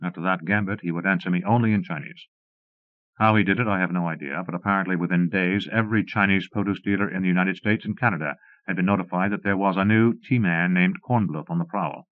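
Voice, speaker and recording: Brief: low male audiobook narrator, measured and wry, tinny old tape. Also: no echo. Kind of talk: audiobook reading. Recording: muffled phone-like 1990s cassette recording, dry.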